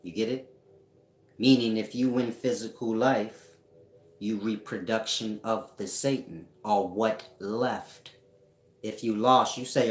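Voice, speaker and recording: A man giving a casual spiritual teaching at home, talking slowly and often checking that listeners follow him. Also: fairly low pitch. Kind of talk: casual esoteric teaching monologue. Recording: echoey room.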